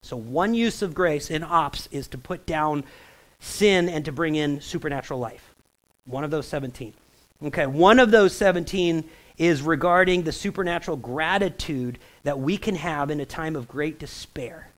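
A man's voice: fairly high pitch, normal speed, poor audio. A man pastor preaching a sermon in a church over a stage microphone, in a jokey, conversational manner that keeps checking in with the congregation. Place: church sanctuary.

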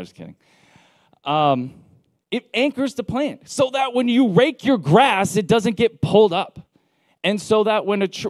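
A man preaching a casual sermon, telling stories in a joking, conversational way with lively asides. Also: sits high, dry recording, clean studio sound. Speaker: pastor.

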